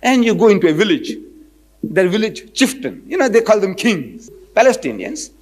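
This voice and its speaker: A man telling a personal story in a lecture, animated and rhetorical, retelling conversations. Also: sits high, moderate pace, low-quality recording. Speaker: public speaker.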